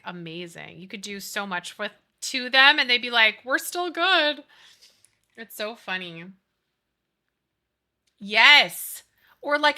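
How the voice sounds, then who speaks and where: A woman in her thirties, a streamer, has a fairly high, bright voice with a forceful tone. She chats casually and animatedly with her live chat, giggling and gushing as she goes.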